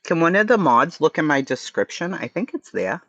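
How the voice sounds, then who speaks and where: A man's voice: fairly high pitch, big pitch swings, fairly quick, creaky, a bit bright, no room sound, dull audio. A man with a Boston accent hosting a casual livestream chat, blunt and profane, answering his chat. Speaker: livestream host.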